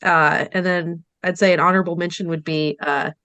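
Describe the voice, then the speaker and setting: Low-voiced woman, chatty podcast guest. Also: fairly even intonation, brisk, a bit bright, no echo. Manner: chatty, many fillers like "um" and "like". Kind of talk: casual movie podcast chat.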